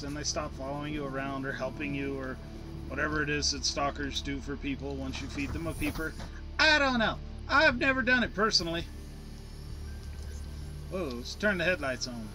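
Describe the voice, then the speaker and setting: A man's voice: on the high side, a little fast. Playful man narrating gameplay over music. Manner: playful, chatty, talks to himself while playing. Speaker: gameplay commentator. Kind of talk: casual gameplay commentary. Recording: game music playing behind.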